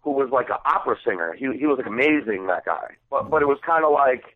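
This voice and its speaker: Brief: male co-host, mid-pitched, loose rambling jokey banter, drops swear words. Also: expressive, fast, phone-quality sound. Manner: joking, rambling, swears freely. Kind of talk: casual podcast banter.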